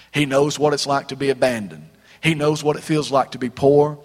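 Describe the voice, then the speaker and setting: A man preaching a sermon in a folksy, conversational way, slowing down for dramatic pauses. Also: a little high. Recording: long reverb of a large hall.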